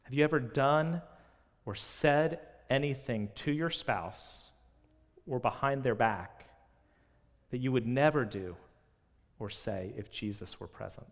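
A man's voice: mid-range voice, slow pace, pauses often. Earnest male preacher, mid-range voice, dynamic delivery, recorded in an echoing hall. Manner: earnest, rhetorical questions, dynamic swings in loudness. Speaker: pastor. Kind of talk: sermon. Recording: long reverb of a large hall.

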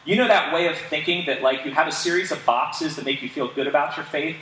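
Earnest pastor preaching in an echoey room. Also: male voice, fairly high pitch, a little fast, bright, forceful tone, a little hiss or hum. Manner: emphatic, rhetorical questions, earnest teaching. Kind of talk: sermon. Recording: echoey room, distant mic, faint ambience.

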